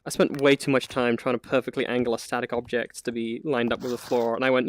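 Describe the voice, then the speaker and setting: A man's voice: medium pitch, flat delivery, fast talker, few pauses. A man giving a casual, chatty live-stream tour of a virtual apartment he built, with lots of fillers and frequent laughs. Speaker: community manager giving a VR tour.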